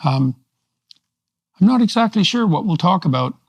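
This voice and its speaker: An older man hosts a podcast and closes the interview in a measured, formal tone. His voice is gravelly and somewhat high for a man. The sound is dry and close, with no room echo. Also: sing-song. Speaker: podcast host. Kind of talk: interview wrap-up.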